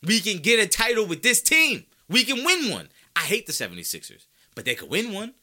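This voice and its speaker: A man's voice: high voice, wildly swooping pitch, fairly quick, pushed and bright. A man hosting a sports podcast, ranting with strong opinions, casual slang and rhetorical questions. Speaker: podcast host.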